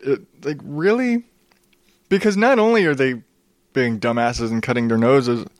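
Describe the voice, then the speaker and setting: Sniffling here and there, the male host of a show sarcastically tears into odd news, swearing heavily and often restarting his sentences in this profane comedy rant. His voice is a little high, and the recording is dry and clean, studio-grade.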